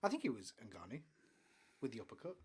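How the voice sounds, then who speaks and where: A man co-hosting a podcast, chatting enthusiastically about sport and trailing off quietly at the ends of lines. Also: mid-range voice, huge pitch swings, fast, slight background noise. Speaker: podcast co-host. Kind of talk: casual sports chat.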